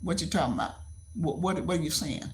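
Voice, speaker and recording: A woman's voice: fairly low pitch, quick pace, slight background noise. A woman in her seventies talking bluntly to viewers on a casual livestream, often repeating herself. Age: 70s. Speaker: livestream host.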